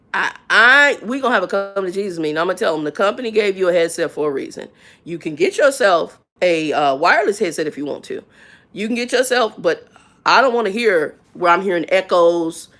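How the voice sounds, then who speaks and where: A woman's voice: on the low side, a little fast. Frank, slangy middle-aged woman on a livestream. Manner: animated storytelling, voice jumps up when riled; slangy, frank, repeats words. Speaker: livestream host. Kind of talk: casual livestream chat.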